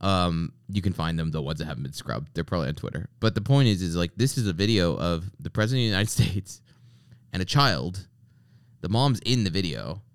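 Animated joking male podcast host. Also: low-pitched, a little fast, clear, resonant tone, no echo, clean studio sound. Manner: joking, sarcastic, animated storytelling. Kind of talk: casual podcast banter.

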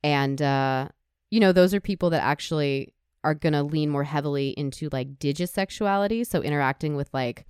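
A woman's voice: low-pitched, brisk, a little mellow, smooth, no echo, studio quality. A woman podcast guest talking candidly and emotionally in casual conversation, at times choked up. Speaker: podcast guest, sex educator.

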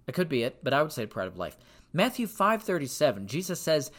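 Animated man giving a Bible talk. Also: on the high side. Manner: emphatic, repeats phrases for stress; reads scripture slowly and deliberately. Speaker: Bible teacher. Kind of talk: sermon-style Bible teaching.

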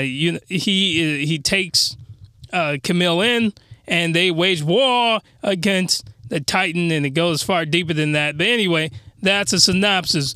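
High bright guy ranting about anime, slangy and worked up, dry close sound. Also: no echo. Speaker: anime reviewer. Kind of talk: casual review monologue.

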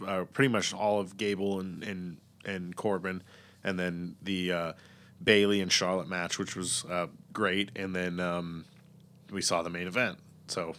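A man's voice: sits low, a bit bright. A man chatting casually and at length, blunt and opinionated, swearing freely and rambling with lots of fillers and restarts.

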